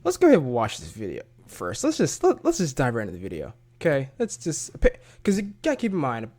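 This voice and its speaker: A man's voice: medium pitch, wildly swooping pitch, a little fast, a little mellow. A man making a casual reaction video as a YouTube commentator, chatty and loose with slang, often breaking into laughter.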